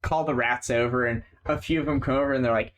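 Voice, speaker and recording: A man's voice: medium pitch, steady tone, quick pace, fairly bright tone. A man narrating a tabletop game as game master, rambling with many fillers.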